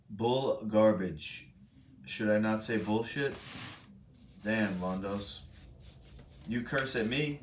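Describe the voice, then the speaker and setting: A young man with a fairly low voice hosts a live stream and tells a long story to his chat. He rambles, swears freely and keeps correcting himself mid-sentence. He sits back from the mic in a roomy, echoing space. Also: recorded from a distance, a little hiss or hum. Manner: rambling, profane, self-correcting. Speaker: streamer host.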